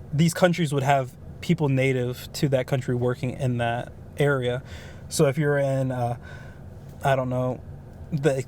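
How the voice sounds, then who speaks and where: A man's voice: mid-range voice, a little mellow, a little hiss or hum. A young man co-hosting a podcast, telling stories in a rambling, casual way with lots of fillers. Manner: rambling storyteller with many fillers. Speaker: podcast co-host. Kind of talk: casual chat.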